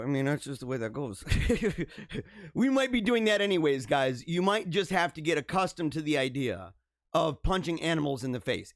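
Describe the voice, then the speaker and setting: A young livestream host casually riffs on news stories, feigning outrage and laughing often. His high voice jumps around a great deal. The recording is dry, close and a little bright, with no room sound at all.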